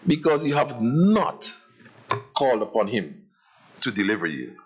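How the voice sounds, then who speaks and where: A male pastor preaching a sermon dramatically, swinging from raised passages to hushed ones. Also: mid-range voice, very animated, a little slow, husky. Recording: dull lo-fi church livestream.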